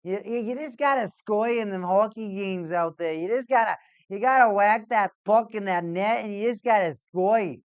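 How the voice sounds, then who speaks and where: A woman's voice: medium pitch, moderate pace, clear, resonant tone, no echo, highs cut off. Rambling, jokey woman streamer, dry sound. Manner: rambling, jokey, repeats herself. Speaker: livestream host. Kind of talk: casual hockey watch-party chat.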